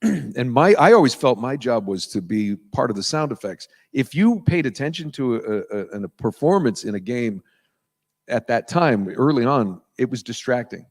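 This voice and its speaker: An American man, a voice actor guest at a convention panel, telling lively stories and slipping into voices in an auditorium. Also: medium pitch, moderate pace. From United States. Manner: animated storyteller, slips into voices and impressions.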